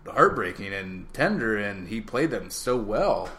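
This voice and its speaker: A man's voice: fairly low pitch, very animated, unhurried, pushed and bright. A man co-hosting a film podcast in casual chat, leaning on "you know" and "like" and trailing off. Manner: filler-heavy, trailing off. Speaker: podcast co-host.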